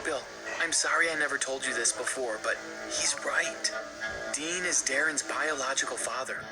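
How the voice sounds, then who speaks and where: A man voicing a distressed mother who pleads and apologizes, in an animated storytime video with music behind. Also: medium pitch, normal speed, voice pushed up, close to an everyday voice. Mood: pleading. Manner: emotional, pleading. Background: background music.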